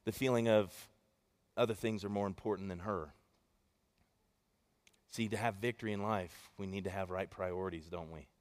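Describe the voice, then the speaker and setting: A man's voice: on the low side, bright, forceful tone. Man preaching in an echoey hall. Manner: storytelling, conversational, addresses the congregation. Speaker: pastor. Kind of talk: sermon.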